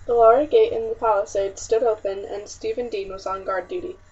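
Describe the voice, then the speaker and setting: A woman narrating a historical novel in the first person with a measured, expressive reading, on a muffled, slightly distant recording. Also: medium pitch, slightly rough. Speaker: audiobook narrator.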